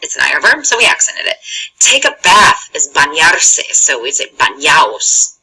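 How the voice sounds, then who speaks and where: A woman teaches in a relaxed, chatty lesson style. Her voice sits low yet sounds very bright and forceful, with a husky edge. She checks in with her students constantly as she explains. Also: moderate pace, poor audio. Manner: chatty, encouraging, explains step by step with frequent "okay?" checks. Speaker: Spanish teacher. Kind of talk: recorded classroom lesson.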